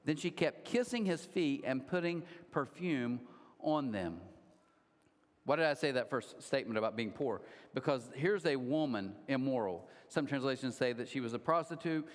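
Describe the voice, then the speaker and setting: A man preaching a sermon, telling stories in a conversational way with animated asides, in a large church auditorium. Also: medium pitch, moderate pace. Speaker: pastor. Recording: long hall reverb.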